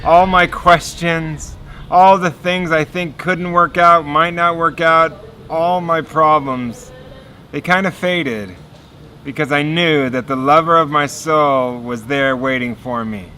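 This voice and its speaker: A man telling a personal faith story in an earnest, animated sermon style. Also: fairly high pitch, a little hiss or hum. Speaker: speaker giving a testimony.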